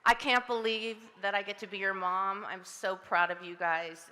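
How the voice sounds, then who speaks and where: A woman's voice: mid-range voice, little pitch movement, normal speed, in a large hall, background noise. A middle-aged woman from Southern California giving a heartfelt acceptance speech, chatty and laughing often as she tells stories with quoted voices. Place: outdoor ceremony.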